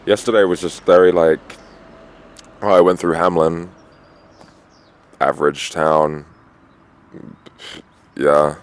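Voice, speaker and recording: A man's voice: low-pitched, flat delivery, slow, pauses often. A tired, dehydrated man rambling outdoors at a roadside camp, full of fillers and swearing. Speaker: vlogger on a long walk. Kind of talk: rambling casual monologue.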